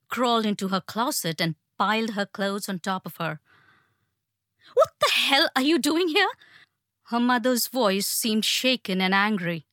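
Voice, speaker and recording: A woman narrating a story in a hushed, tense, measured way. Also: medium pitch, no room sound, studio quality.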